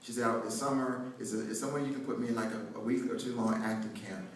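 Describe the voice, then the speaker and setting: A man's voice: mid-range voice, steady tone, very fast, a little hiss or hum. A man from North Carolina giving an inspirational speech to students, joking and conversational, with frequent restarts. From North Carolina, USA. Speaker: motivational speaker addressing students. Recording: very echoey hall, heard from a distance.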